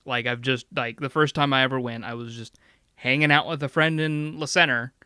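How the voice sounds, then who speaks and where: A man's voice: medium pitch, fairly even intonation, brisk, bright, forceful tone, clean tone, no room sound, studio quality. A man chatting casually on a podcast in a laid-back, rambling way, swearing now and then. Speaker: podcast co-host. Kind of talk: casual chat.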